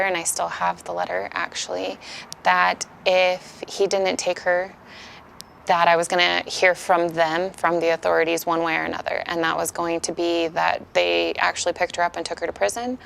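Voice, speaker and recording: A woman's voice: on the low side, creaky, fairly bright tone, a little hiss or hum. A woman in her thirties giving a candid, emotional personal testimony as a speaker at a support meeting.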